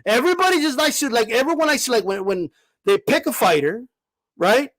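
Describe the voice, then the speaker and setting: A man with a high voice that swings widely in pitch holds forth as a boxing channel host. He talks emphatically, swears, and keeps checking in with "okay?". When he gets heated he stammers through quick restarts, and the sound is dry and close. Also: expressive, a bit bright, dry recording. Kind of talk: casual opinion monologue.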